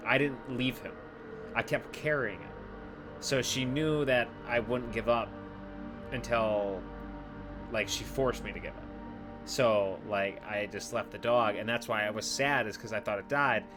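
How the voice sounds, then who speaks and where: A young man telling stories while playing a game, animated and swearing freely, with loud exclamations. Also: medium pitch. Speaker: gaming video host.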